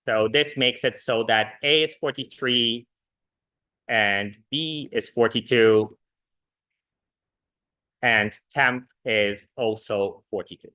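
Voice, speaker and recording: Man, university lecturer, slow unhurried delivery, lots of fillers and restarts. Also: mid-range voice, clean tone. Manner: relaxed, many fillers and restarts. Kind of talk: classroom programming lecture. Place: lecture hall.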